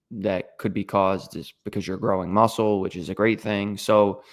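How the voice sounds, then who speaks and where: Confident low-voiced fitness coach. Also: male voice, flat delivery, moderate pace. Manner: emphatic, confident, lots of fillers. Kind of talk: casual podcast explanation.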